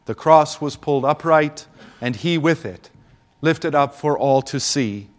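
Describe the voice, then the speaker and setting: A man delivering a solemn homily, his voice sitting slightly high. He speaks slowly and deliberately, leaving dramatic pauses between short phrases. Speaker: preacher. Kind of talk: Good Friday homily.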